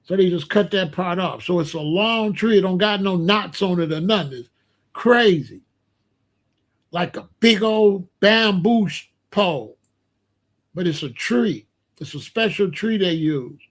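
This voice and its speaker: A man hosting a podcast, telling a story in a casual, animated and slangy way. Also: high-pitched, a little slow. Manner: animated, slangy, explains with gestures. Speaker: podcast host.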